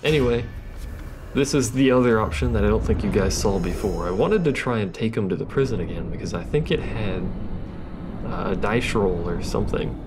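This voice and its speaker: With lively intonation and a brisk pace, this man narrates his gameplay over music in a lowish voice. His commentary is wry and casual, broken up by reading the game's text aloud.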